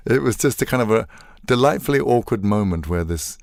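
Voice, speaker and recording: An older man, a voice actor guest telling animated stories in a casual interview and acting out quoted lines. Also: lowish voice, fairly quick, creaky, few pauses, dry recording, clean studio sound. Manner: animated storyteller, acts out quoted lines, laughs often.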